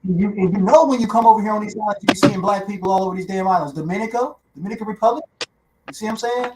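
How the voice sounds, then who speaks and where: A man's voice: high voice, racing, very noisy. A man chatting casually in loose slang, often asking "you know what I'm saying". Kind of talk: casual chat reacting to maps. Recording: echoey room.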